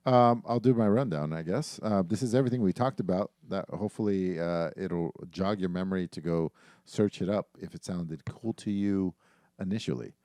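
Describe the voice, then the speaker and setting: A man's voice: low voice, normal speed, warm tone, no room sound, studio quality. A man co-hosting a casual gaming podcast, talking loosely with lots of fillers and swearing. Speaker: podcast co-host.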